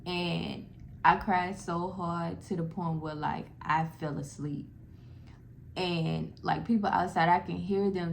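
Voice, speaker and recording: A woman's voice: lowish voice, steady tone, slow pace, vocal fry. A young woman telling viewers a personal family story in a casual, heartfelt way, often calling them "y'all" and filling with "like". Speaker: vlogger sharing a personal story. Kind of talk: emotional personal storytelling to camera. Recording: faint background noise.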